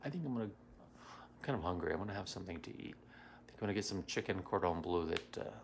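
A man's voice: low voice, lively intonation, fast talker, vocal fry, background noise. A middle-aged man hosting a casual livestream as a psychic medium, greeting viewers by name and answering comments with many fillers. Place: home in Washington, D.C.

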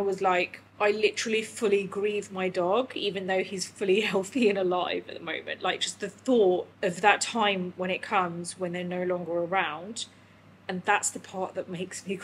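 A woman's voice: mid-range voice, fairly bright tone, a little hiss or hum, rough recording. A young woman chatting candidly in a vlog, emotional and tearful, rambling with lots of fillers. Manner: emotional, rambling, talks to her dog. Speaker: vlogger.

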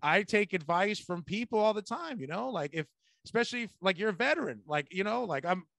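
A man hosting a comedy podcast, telling animated stories in casual chat and swearing freely. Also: high voice, a little fast, gravelly, dry recording, studio quality. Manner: animated storyteller, swears a lot.

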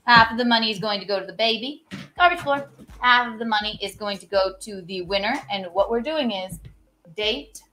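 Slight background noise accompanies a woman hosting a casual cooking stream, where she talks to viewers while cooking, jokes, rambles, and repeats silly catchphrases. Her voice is medium-pitched, bright, and forceful, and she speaks a little fast.

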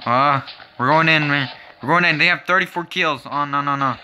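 A man giving casual, excitable commentary over his own gameplay, reacting loudly to what happens. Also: on the high side, moderate pace, background noise.

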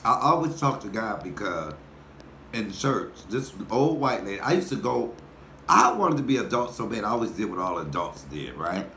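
Man in his fifties, low voice, folksy storyteller who talks straight to viewers; recorded in an echoey room with faint noise. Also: very animated, moderate pace, bright, forceful tone. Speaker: comedian telling a story. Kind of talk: casual storytelling mukbang.

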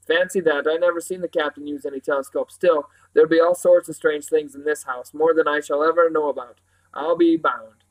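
A man's voice: a little high, steady tone, fairly quick, lightly acted, rough recording. A man reading a storybook aloud, voicing a nosy, homely housekeeper woman with colloquial speech.

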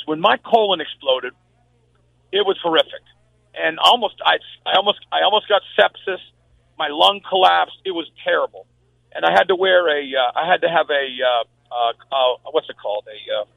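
Gravelly older man on a tinny phone line. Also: on the high side, dry recording. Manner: emphatic, repeats his words for stress. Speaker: sports talk radio host. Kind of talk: guest telling a personal story. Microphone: phone call.

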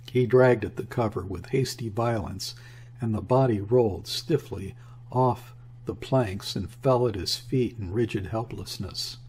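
A man narrates a classic novel for an audiobook in a measured, even manner. His voice is low and husky, with a mellow, darker tone.

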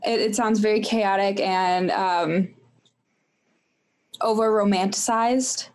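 A woman's voice: medium pitch, steady tone, takes it slowly, a little mellow. A woman joining a casual podcast over a video call, answering hesitantly with lots of fillers and laughter. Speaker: guest co-host. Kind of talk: casual chat.

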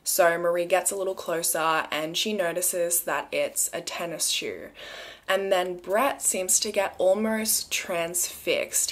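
A young woman with an Australian accent narrates a true crime case in a relaxed, conversational tone. Her voice sits a little low for a woman, and she keeps breaking off into asides and filler phrases as if chatting to a friend.

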